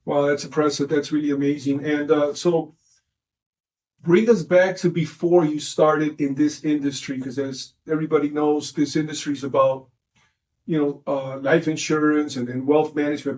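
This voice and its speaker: A man's voice: on the high side, fairly even intonation, normal speed, darkish tone. A middle-aged man hosting a podcast, interviewing his son and encouraging him with leading questions. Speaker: podcast host, the guest's father.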